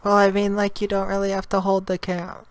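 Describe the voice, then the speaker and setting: A man's voice: sits high, monotone, fairly quick, smooth. A man voicing a friendly young woman on a video chat who fills her talk with "like". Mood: chatty. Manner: chatty, peppered with "like".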